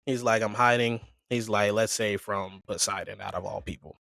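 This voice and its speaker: A man's voice: on the low side, normal speed, vocal fry, no echo, studio quality. A man casually retelling a story on a podcast, acting out the characters' lines in slang. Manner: animated retelling with slangy acted quotes. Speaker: podcast co-host.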